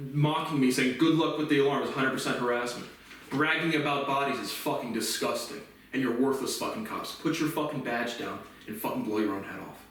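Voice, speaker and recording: A man's voice: mid-range voice, fairly quick, far from the mic. Furious profane man ranting in echoey room. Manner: furious, profane, bursts into shouting. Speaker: vlogger. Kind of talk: angry vlog rant.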